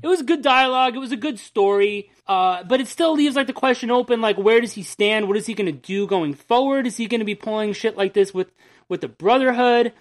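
A host in a casual chat, retelling at length in a rambling, profane, animated way. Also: medium pitch, a little fast. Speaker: podcast host.

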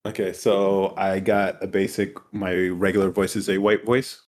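Deep voiced guy cracking jokes on a podcast, kinda low. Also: little pitch movement, moderate pace, a little mellow. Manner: joking, puts on voices while telling stories. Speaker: podcast host. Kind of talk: casual podcast chat.

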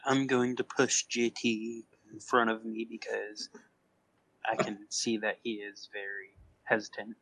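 A man's voice: lowish voice, level tone, a little slow, a bit bright, low-quality recording. A man playing as a guest in a tabletop game, speaking in a matter-of-fact way. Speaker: guest player. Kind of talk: tabletop role-play.

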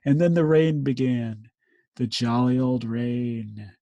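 A man reading war poetry aloud with slow, measured emphasis, then discussing it casually as a podcast co-host. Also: medium pitch, warm tone, dry recording, highs cut off.

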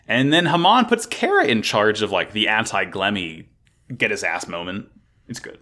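Animated swearing man recapping a show. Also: fairly low pitch, fairly quick. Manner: animated, swears a lot, acts out characters' lines. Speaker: podcast co-host recapping an anime. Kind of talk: casual chat.

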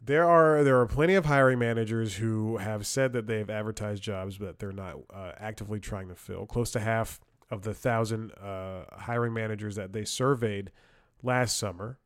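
A man with a slightly low voice hosts a casual comedic podcast. He rambles and restarts his sentences, chuckling at his own story, all recorded on a close, dry mic with no room sound. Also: steady tone, normal speed, clear, resonant tone, dry recording. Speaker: podcast host.

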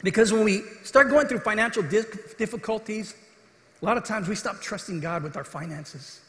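A man with a high voice preaches a sermon as pastor at a moderate pace, recorded in an echoey hall. He is earnest and acts out the voices in the scripture story with rising intensity.

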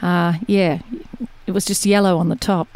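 A woman's voice: lowish voice, little pitch movement, moderate pace, a little mellow, clean tone, dry recording. An Australian woman guest chatting casually, telling rambling stories from her country childhood with frequent laughs. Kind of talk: casual chat.

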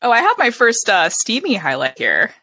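A woman's voice: a little high, moderate pace, a little hiss or hum. A woman co-hosting a book podcast, chatting casually and laughing often as she retells scenes. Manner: lively, chatty, with frequent laughter and acted-out quotes. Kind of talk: casual book-club chat.

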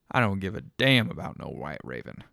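A man doing a gravelly, menacing council leader. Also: low voice, sing-song, normal speed, pushed and bright, no room sound, clean studio sound, pitched below the performer's own voice, full character voice. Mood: scornful. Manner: snapping, menacing, bossy.

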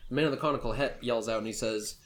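A man narrates a tabletop game as game master, loose and chatty, with plenty of ums. His pitch is medium, and a faint hiss runs under his voice. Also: rapid-fire. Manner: casual, filler-heavy narration.

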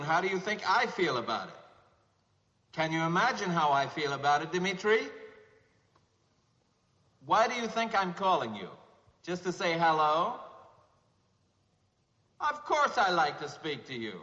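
An actor playing a flustered male president who awkwardly soothes a caller on the phone, in a halting, apologetic way. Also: fairly high pitch, pushed and bright. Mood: exasperated. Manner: halting, apologetic, drawn-out pauses. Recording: muffled old film soundtrack with long reverb.

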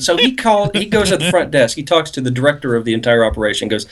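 A man's voice: fairly high pitch, fast talker, a bit bright. A man on a podcast, casually telling a long, rambling story about a prank at work and laughing at it as he goes. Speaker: podcast co-host.

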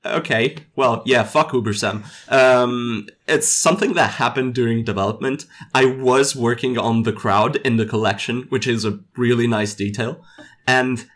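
A man's voice: medium pitch, moderate pace, a bit bright. A male game developer chatting casually in an interview, hesitant, with many fillers and restarts. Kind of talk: casual chat.

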